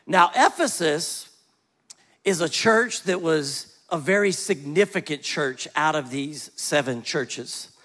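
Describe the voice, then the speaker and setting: Middle-aged pastor, high voice, casual storytelling sermon, slows to stress points. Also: male voice, animated, fairly bright tone. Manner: conversational storytelling, slows for emphasis.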